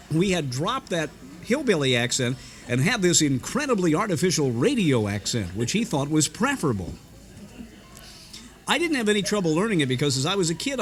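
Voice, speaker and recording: A man from southern Indiana telling anecdotes casually in a restaurant, animated and quick to mimic other voices. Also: on the high side. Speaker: storyteller.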